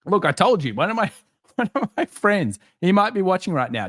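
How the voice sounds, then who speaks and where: A man hosting a live market stream, reading viewer comments and answering them with sarcastic jokes and animated stories. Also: high-pitched, moderate pace. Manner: sarcastic, joking, animated storytelling.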